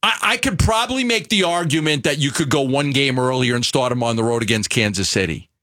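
Animated New York man on sports radio. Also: mid-range voice. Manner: animated, halting, with many restarts. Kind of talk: casual sports radio talk.

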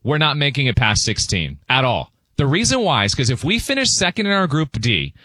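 A man's voice: mid-range voice, sing-song, brisk, sharp tone, no room sound. A man breaking down a tournament bracket on a sports talk show, explaining it step by step in a casual, upbeat way. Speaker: sports analyst.

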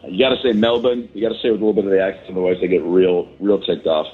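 A man's voice: sits low, very fast, breathy edge. Hungover man rambling on a dull call. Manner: joking, rambling, lots of fillers. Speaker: comedian guest calling in. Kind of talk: casual chat on a call. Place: hotel balcony abroad.

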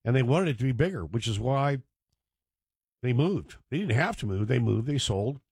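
A man's voice: mid-range voice, lively intonation, moderate pace, gravelly, darkish tone, husky, no room sound, clean studio sound. A man hosting a talk radio show, rambling and digressing with joking asides. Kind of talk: casual talk radio monologue.

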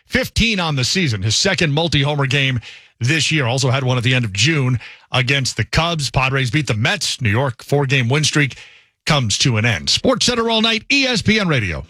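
A man anchoring a sports news highlights show, reading scripted recaps with a crisp, punchy delivery. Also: sing-song, moderate pace, bright, forceful tone, dry recording, studio quality.

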